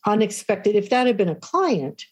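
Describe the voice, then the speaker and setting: A woman speaks as an interview guest, explaining ideas in a calm, steady way and checking in with her listener as she goes. Her voice sits a little low, with a mellow, slightly husky tone. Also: moderate pace. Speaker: guest expert on the nervous system. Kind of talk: podcast interview.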